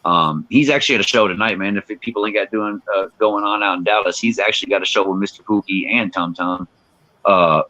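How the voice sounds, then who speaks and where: A man's voice: lowish voice, fairly quick, dry recording, highs cut off. A man, a rapper guest telling stories in casual interview chat and acting out quotes. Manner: animated storyteller, acts out quotes.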